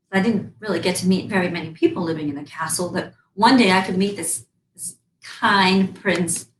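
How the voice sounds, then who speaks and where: Lady storyteller playing princess for kids, slow and lively, sounds far off in a roomy museum room. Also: medium pitch. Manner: sweet, animated, coaxing children to join in. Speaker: costumed princess storyteller for children. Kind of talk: interactive storytelling in character for kids. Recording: roomy, from far off, faint background noise.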